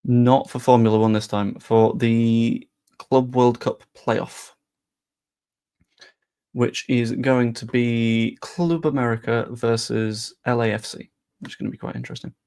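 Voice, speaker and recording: Young male streamer, mid-range voice with noticeable vocal fry, casual rambling chat delivery. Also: medium pitch, steady tone, a little slow, darkish tone. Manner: rambling, chatty, self-deprecating asides. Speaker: football channel streamer.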